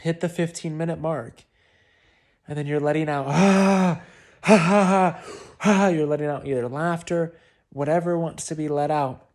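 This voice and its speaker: A man's voice: fairly high pitch, level tone, normal speed, a little mellow. A man talking a private client through breathwork, in an informal, encouraging way. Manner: encouraging, informal, with frequent sighs and demonstrated laughs. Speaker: breathwork coach. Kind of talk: spoken breathwork instructions.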